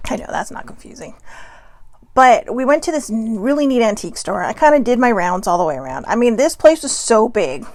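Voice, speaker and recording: A woman's voice: mid-range voice, dry recording. A tired woman hosting her daily live video show from home on a personal mic, rambling chattily with lots of filler words and self-deprecating asides. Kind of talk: casual rambling morning chat.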